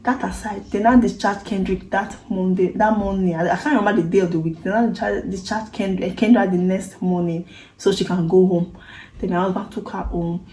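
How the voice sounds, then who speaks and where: A Nigerian woman tells her own story straight to camera, earnest and emotional, with Pidgin turns of phrase. Her voice is mellow and warm. The recording has a noticeable echoey room sound. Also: medium pitch, fairly even intonation, fairly quick. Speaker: vlogger.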